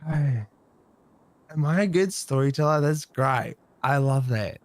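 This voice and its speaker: A man's voice: mid-range voice, lively intonation, unhurried, dry recording. A man in a role-play game telling a profane story with animation and acting out the dialogue. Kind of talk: casual in-character storytelling.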